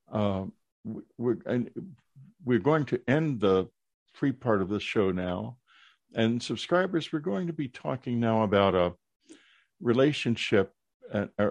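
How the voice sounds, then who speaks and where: An older man hosting an interview podcast, speaking in a measured, earnest way. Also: fairly low pitch, a little mellow, dry recording. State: hiccups. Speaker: podcast host.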